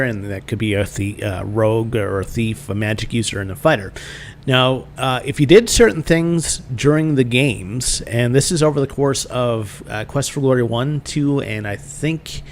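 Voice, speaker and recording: Male let's-play host, relaxed and rambling, mid-pitch, faint room hum. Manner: relaxed, rambling, many filler words. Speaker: gaming channel host. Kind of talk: casual let's-play commentary.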